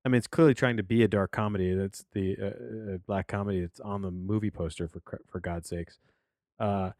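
Rambling, low-voiced middle-aged man podcasting. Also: steady tone, fairly quick, darkish tone, dry recording, studio quality. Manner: digressive, jokey, trailing off into tangents. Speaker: podcast movie reviewer. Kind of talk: rambling solo podcast review. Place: home office recording studio.

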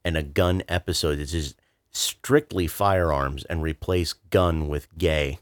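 A man with a very low voice co-hosts a podcast, blunt and profane, stammering over his restarts. The sound is dry and close, with no room around it. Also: steady tone, measured pace, no echo. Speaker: podcast co-host. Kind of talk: casual political chat.

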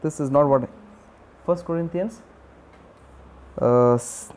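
High-voiced man preaching emphatically. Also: takes it slowly, darkish tone. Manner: emphatic, repeats key phrases, asks the audience questions. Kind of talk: sermon teaching.

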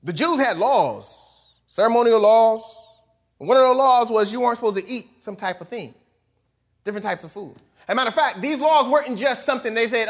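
Animated, high-voiced preaching man. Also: normal speed. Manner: animated preaching, reads scripture aloud, acts out quotes in voices; colloquial phrasing. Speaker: pastor. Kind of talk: sermon.

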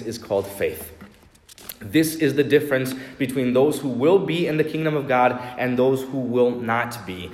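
Man, pastor preaching a sermon, earnest and measured, roomy church sound, long reverb. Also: medium pitch. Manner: earnest preaching, slowing and softening for emphasis.

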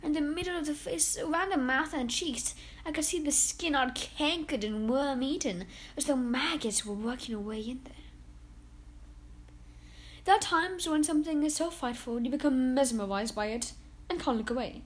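A woman reading a children's story aloud in an expressive, dramatic way. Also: high voice, moderate pace, a little hiss or hum.

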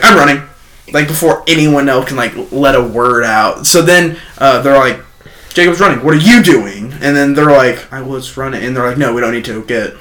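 A man's voice: fairly high pitch, a bit bright, a little hiss or hum. A young adult man co-hosting a podcast, telling rambling, profane work stories in casual chat. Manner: rambling, profane, quotes coworkers. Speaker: podcast co-host.

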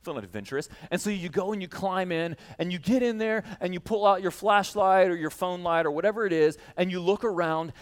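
Male pastor, sermon, animated storytelling, high voice, reverberant church hall. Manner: animated storytelling, speaking straight to the congregation.

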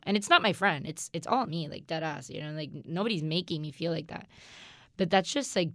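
A woman's voice: on the low side, a little fast, no room sound, clean studio sound. A young adult woman hosting her own podcast, talking in a rambling, candid way and often swearing and laughing. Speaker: podcast host. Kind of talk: casual solo podcast talk.

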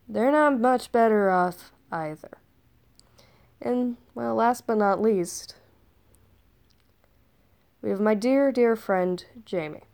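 A woman's voice: a little high, takes it slowly, gravelly, pauses often, a little mellow, clear, resonant tone. A woman telling a rambling story in character as a time traveler, chatty and casual, with sarcastic asides.

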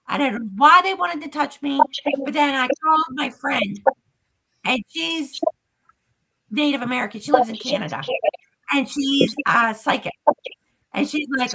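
A woman guest on a podcast, casually retelling a story in an animated, profane way. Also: sits high, low-quality recording.

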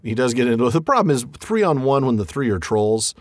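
A man's voice: mid-range voice, sing-song, brisk, no room sound, studio quality. A man co-hosting a podcast, chatting casually and reading aloud with animation, laughing along as he goes. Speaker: podcast co-host. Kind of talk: casual chat and read-aloud.

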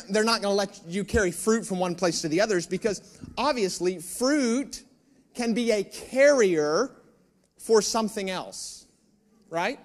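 High-voiced man telling a lively sermon story. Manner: animated, self-mocking storytelling with asides to the room. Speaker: pastor.

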